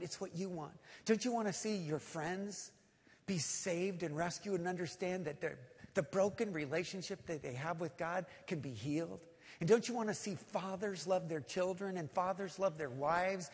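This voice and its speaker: A male pastor preaching a sermon, retelling scripture in plain talk and building to loud, impassioned appeals. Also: high voice, vocal fry, husky, big-room sound.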